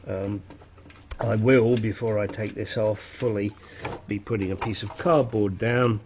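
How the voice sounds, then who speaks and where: Slow-talking mechanic man in a noisy workshop. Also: fairly low pitch, steady tone, darkish tone. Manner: talks while working, muttering and grunting through the effort. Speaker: auto mechanic. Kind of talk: hands-on car repair tutorial.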